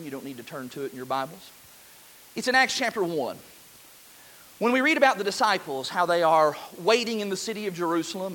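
High-voiced earnest preacher man. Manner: earnest, swells loud then drops soft. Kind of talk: sermon. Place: church.

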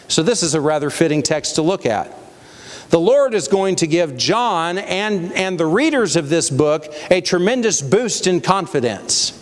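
A man preaching to his congregation in a church hall, his fairly high voice trailing off in a long hall reverb. He slows down and lifts his voice when reading scripture, then speaks plainly and directly to the people. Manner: reads scripture slowly with rising emphasis, then talks plainly to the congregation. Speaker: pastor. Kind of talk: sermon.

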